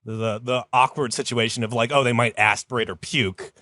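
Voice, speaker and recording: A man hosting a comedy podcast, telling a story in a rambling, casual way with lots of fillers, and jumping up in pitch when he quotes someone. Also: fairly even intonation, normal speed, sharp tone, no echo, clean studio sound. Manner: rambling, many fillers, jumps high for quoted voices.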